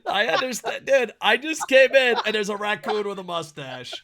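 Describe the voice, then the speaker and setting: Loud, laughing, high-voiced podcast man. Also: animated, a crowd in the background. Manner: loud, laughing, swearing, rapid banter. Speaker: podcast co-host. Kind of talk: casual podcast chat.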